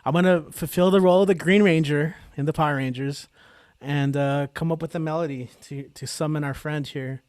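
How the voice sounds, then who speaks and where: A man with a slightly high voice hosts an open mic livestream from his home, recorded close and dry on a computer mic. He delivers rhythmic, wordplay-packed spoken word poetry and then chats and teases playfully. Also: fairly even intonation, brisk, darkish tone, clear, resonant tone, dry recording. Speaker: open mic host and poet.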